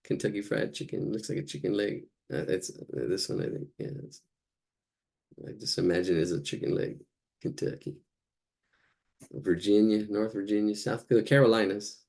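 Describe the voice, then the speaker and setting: A man with a low, gravelly, husky voice, thinking aloud as he sketches. He rambles in a loose, muttering way and drifts into chuckling asides. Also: fairly even intonation, normal speed, a little mellow. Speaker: drawing instructor. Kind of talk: casual narration while drawing.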